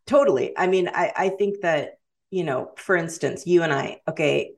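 A middle-aged woman with a general American accent, chatting as a guest author, animated and quick to laugh, often restarting her sentences. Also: fairly low pitch, vocal fry. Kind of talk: casual interview chat.

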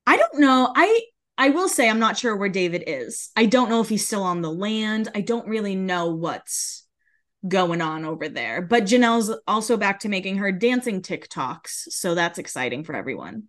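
A woman co-hosting a casual pop culture chat, passing on gossip in an expressive, chatty way. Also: medium pitch. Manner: gossipy, expressive, quick asides. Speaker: podcast co-host.

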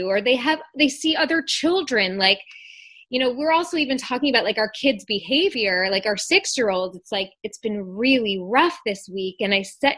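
Woman, thirties, podcast co-host, high-ish voice, candid, rambling, swears casually. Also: sharp tone. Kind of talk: casual chat.

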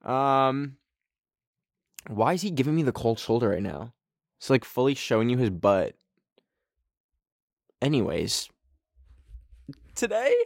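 A man hosts a casual solo podcast from a darkened bedroom. He rambles and mocks himself, and his pitch jumps up without warning. The sound is dry and close, with no room echo. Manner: rambling, self-mocking, with sudden jumps in pitch. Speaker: podcast host.

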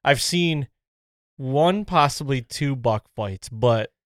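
A man's voice: medium pitch, expressive, slow, no room sound, clean studio sound. Curious man asking follow-up questions. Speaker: podcast co-host. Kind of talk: casual podcast conversation.

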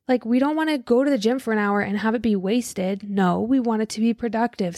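A young woman with a slightly high voice talks through training tips in a casual, animated way. She is chatty and loose, peppering her talk with fillers. The sound is close and dry, recorded in her office. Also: no room sound. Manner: animated, chatty, uses "like" and "dude" a lot. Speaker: fitness creator.

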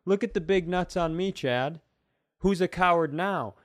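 A man's voice: sits high, measured pace, dry recording, clean studio sound. A man co-hosting a podcast, riffing with playful bravado and mock-confident jokes. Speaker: podcast co-host. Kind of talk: casual comedic chat.

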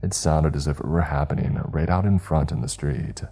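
A man narrating a horror story in an extremely deep, dark voice with a husky edge. He slows down at the tense moments, and faint music plays underneath.

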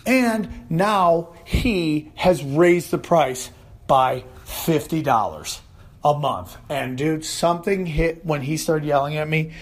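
Animated stand-up comic, man with a raised voice. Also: a little high, slow pace. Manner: animated, swears casually, acts out shouting bits. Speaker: stand-up comedian. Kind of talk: stand-up monologue.

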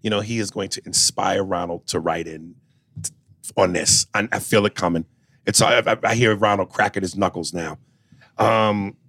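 A man's voice: deep voice, fairly even intonation, normal speed, a bit bright, dry recording. A man hosting a comedy podcast who reads out a listener letter with irreverent, mock-serious asides. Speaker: podcast host.

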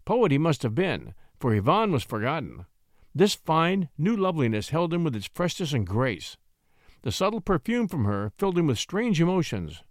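A man narrating a classic short story in an expressive, measured reading. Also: fairly high pitch, dry recording, studio quality.

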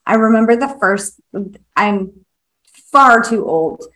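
A woman's voice: on the high side, animated, slow, fairly bright tone. A woman talking bluntly in casual conversation as a podcast host, outspoken and self-mocking, swearing freely.

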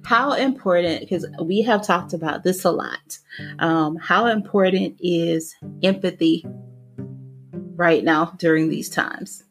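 A woman's voice: on the low side, slow pace, faint music behind. A woman hosting a podcast, talking casually with many fillers and frequent giggles. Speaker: podcast host. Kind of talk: podcast interview.

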